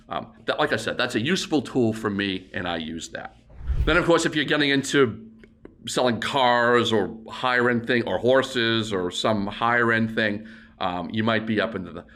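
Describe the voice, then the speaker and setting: A man in middle age teaches how to call an auction, his voice bright and ringing. He moves between relaxed explanation and brisk, rhythmic bid chants that climb in pitch. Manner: explains plainly, then breaks into rapid auction bid chants. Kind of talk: instructional demonstration.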